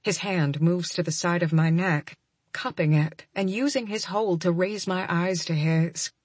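A young adult woman narrating a first-person romance audiobook, soft and emotional, often close to a whisper. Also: fairly low pitch, measured pace, no room sound.

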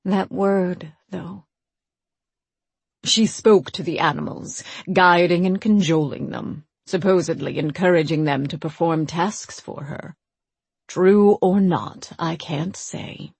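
A woman reading the lines of an ancient male priest who tells an old tale calmly and at a measured pace. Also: on the low side, gravelly, husky, no room sound, exaggerated voice. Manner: calm, measured storytelling.

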